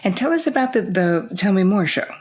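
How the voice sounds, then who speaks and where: A woman's voice: medium pitch, animated, a little fast, darkish tone, breathy edge. A woman hosting a podcast interview, affirming her guest as she listens and asks questions. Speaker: podcast host.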